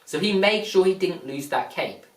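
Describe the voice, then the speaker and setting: Heard from a distant mic in a reverberant room, an expressive mid-range voice delivers a motivational talk at a moderate pace. The speaker retells a fable, repeating points often and explaining them plainly and with emphasis.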